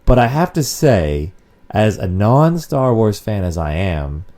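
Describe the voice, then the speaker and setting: Low, dark-voiced man rambling on a podcast. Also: a little slow. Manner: rambling, swears casually, animated. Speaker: podcast co-host. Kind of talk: casual podcast chat.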